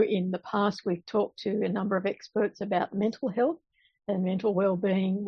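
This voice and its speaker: A woman hosting a podcast interview, speaking in a measured way and framing long, careful questions. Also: mid-range voice, husky, no room sound, muffled recording. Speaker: podcast host.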